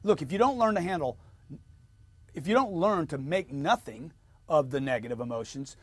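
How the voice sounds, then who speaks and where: Guy coaching on sales, punchy and repetitive, bouncy pitch, dry sound. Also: lively intonation, moderate pace, no room sound. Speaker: sales trainer. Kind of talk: motivational sales lesson.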